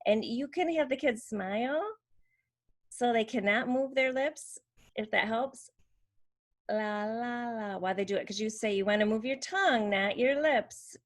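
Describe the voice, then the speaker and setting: A woman's voice: a little high, moderate pace. A woman teaching how to make speech sounds, explaining patiently and demonstrating each sound. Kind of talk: slow instructional demonstration.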